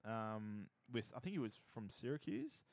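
A man's voice: on the low side, normal speed, vocal fry, no room sound. Swearing, rambling man chatting sports. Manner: profane, rambling and animated. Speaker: podcast co-host. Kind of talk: casual sports chat.

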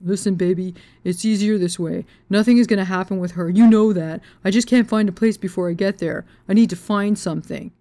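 A woman reading a hesitant, halting boyfriend. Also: sits high, fairly even intonation, mellow, no room sound. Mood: coaxing. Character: sheepish evasive boyfriend, adult man.

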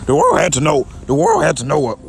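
Gravelly young man on an aggrieved rant. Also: a little high, huge pitch swings, fast talker, a little hiss or hum. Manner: repetitive and aggrieved, with many restarts. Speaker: vlogger. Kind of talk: personal rant to camera.

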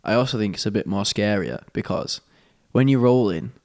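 A man's voice: on the low side, moderate pace, darkish tone. A young man, co-hosting a casual podcast, jokey and laughing often. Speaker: podcast co-host. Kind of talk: casual chat.

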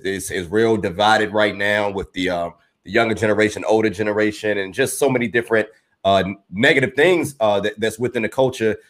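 Admiring male host, rambling. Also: fairly low pitch. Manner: admiring, rambling, peppered with "man". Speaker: interviewer, host. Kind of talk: casual interview talk.

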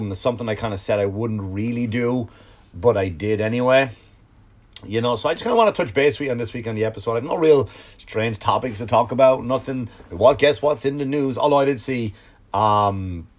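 Casting: Irish male podcast host, sarcastic and profane, mid-pitched voice, rambling comic delivery. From Ireland. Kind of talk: comedic monologue.

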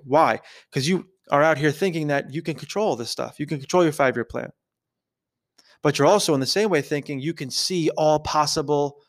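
A man hosting a podcast, thinking aloud in a casual, conversational way and often checking in with a quick "right?". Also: on the high side. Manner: conversational, keeps asking "right?". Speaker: podcast host. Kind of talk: casual reflective podcast talk.

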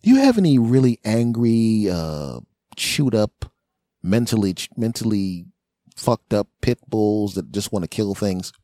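A man's voice: fairly low pitch, unhurried, no room sound, clean studio sound. A man hosting a podcast, telling a rambling comic story and acting out the people in it. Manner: rambling, animated, acts out voices. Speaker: comedian podcast host.

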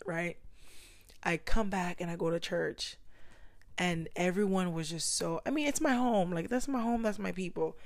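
A young woman speaking candidly to her camera in a personal vlog, thinking aloud and poking fun at herself. Her voice sits a little low and the sound is dry and close, with no room echo. She flips into a higher voice whenever she quotes people. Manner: reflective, self-mocking, acts out quoted voices in higher pitch. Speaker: vlogger.

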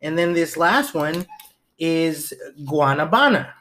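A man's voice: a little high, lively intonation, a little slow, a bit bright. A man co-hosting a casual show, trying snacks and joking crudely with plenty of swearing. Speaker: podcast co-host. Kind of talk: casual chat, taste-testing snacks.

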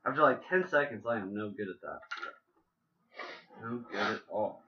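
A man's voice: on the low side, expressive, normal speed, dull audio, slight background noise. Rambling joking man on a podcast. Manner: rambling, joking, many fillers and restarts. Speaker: podcast host. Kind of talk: casual chat.

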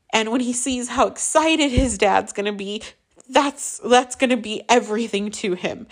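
A young woman, a mother, telling her own painful story candidly, halting often with fillers and restarts. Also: fairly high pitch. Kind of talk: emotional personal storytelling.

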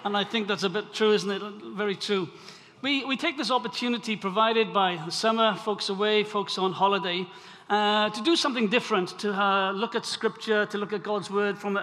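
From Wales, this man's voice is high, bright and forceful, with a steady tone and a fairly quick pace. He addresses a congregation in a chatty sermon introduction, restarting phrases before reading scripture, and a long hall reverb fills the recording.

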